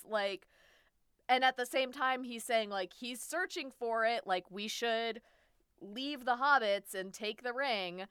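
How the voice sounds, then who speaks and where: A woman lays out her reading of a book quickly and analytically. Her voice is bright and crisp, recorded dry and close. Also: on the high side, no echo. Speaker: book club member. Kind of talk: casual chat.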